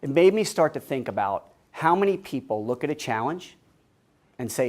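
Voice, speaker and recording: A man in his forties speaks to a college audience as a guest speaker. He tells stories in a loose, animated way, and his voice sits at an ordinary middle pitch. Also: normal speed. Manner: casual storytelling, animated.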